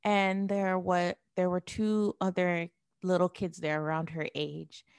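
Candid woman, lowish voice. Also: little pitch movement, a little slow, a little mellow, smooth, dry recording, studio quality. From Ontario, Canada. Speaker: podcast co-host. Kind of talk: casual chat.

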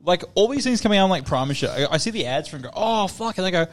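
A man co-hosting a podcast, chatting excitably and swearing casually. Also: fairly high pitch, very fast. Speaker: podcast co-host. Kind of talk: casual chat.

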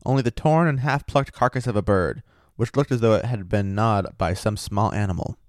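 A man reading a story aloud at a steady pace, stopping to chat about it. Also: on the low side, a little fast, no room sound, studio quality. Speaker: story reader and host.

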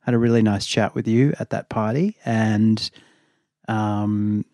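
A man co-hosting a podcast, his voice a little raspy after a long day, talking in a rambling, casual way and laughing often. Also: fairly low pitch, fairly even intonation, a little slow, mellow, dry recording, clean studio sound. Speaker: podcast co-host. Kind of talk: casual chat.

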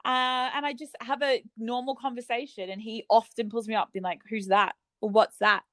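A woman's voice: on the high side, moderate pace, no room sound. A young Australian woman co-hosting a podcast, chatting casually and acting out the lines of people in her stories. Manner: chatty, animated storytelling, acts out quotes. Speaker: podcast co-host. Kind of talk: casual chat.

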